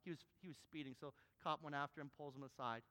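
A man preaching a sermon, swinging between quiet asides and loud, emphatic passages. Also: a little high, fairly even intonation, quick pace. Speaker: pastor. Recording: long hall reverb.

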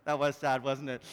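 A man preaching a sermon as a pastor, telling a story in a relaxed way and often repeating words as he goes. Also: high voice, in a large hall, a little hiss or hum. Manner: storytelling, repeats words as he talks, self-deprecating. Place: church.

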